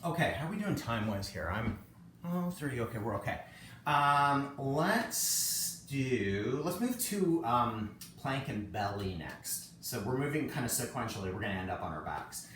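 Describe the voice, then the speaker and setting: A man's voice: medium pitch, big pitch swings, normal speed, a bit bright. Chatty man leading a yoga class. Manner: chatty and self-joking, laughs often. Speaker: yoga teacher. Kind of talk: casual live-streamed yoga class. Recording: echoey room, distant mic, faint noise.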